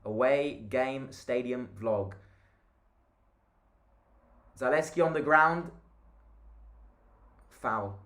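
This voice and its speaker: A man's voice: medium pitch, slow pace, long pauses, fairly bright tone. Man, fan channel host, live match commentary, casual, tired, chatty. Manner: casual and chatty, reacting to play, hums chants.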